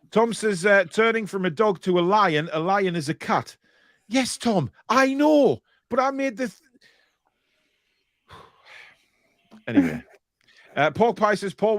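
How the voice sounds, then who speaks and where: A man's voice: high voice, dry recording, clean studio sound. A middle-aged man co-hosting a casual live stream, reading out viewer comments in a jokey, rambling way with many restarts.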